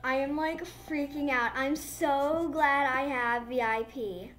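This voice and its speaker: A woman giving excited, casual commentary on her game, gushing and babbling breathlessly into a phone mic. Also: high-pitched, slow pace, slight background noise. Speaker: gaming vlogger.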